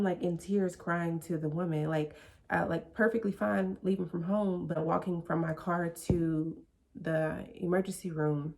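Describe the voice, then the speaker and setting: Woman vlogger with a low, gravelly voice who tells her own story in a loose, chatty way. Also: a little mellow. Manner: chatty, full of "like" and "you know". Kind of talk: casual personal storytelling.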